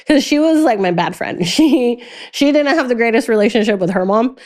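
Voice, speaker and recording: A woman's voice: a little high, lively intonation, moderate pace, a little mellow. A young adult woman in a casual interview, telling her life story in a chatty way, her voice jumping up when she quotes others and laughing often. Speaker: guest.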